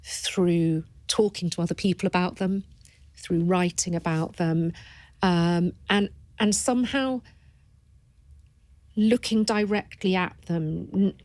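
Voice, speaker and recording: A thoughtful woman in a podcast conversation, reflecting earnestly and often circling back to restart a phrase. Her voice sits somewhat low. The sound is dry and close-miked. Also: steady tone, takes it slowly, a little mellow, dry recording. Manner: earnest and thoughtful, with frequent restarts and repeated words. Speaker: palliative care doctor, podcast guest.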